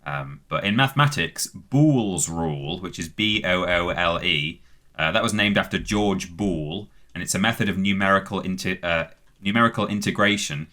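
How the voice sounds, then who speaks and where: A man's voice: low voice, normal speed, sharp tone. A British man co-hosting a podcast, casually reading out facts at length with many "um"s and words spelled letter by letter. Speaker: podcast co-host.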